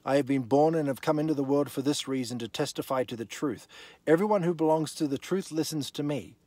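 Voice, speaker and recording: A man reading the lines of a calm, condemned teacher in a measured, lowered voice. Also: dry recording, lightly acted.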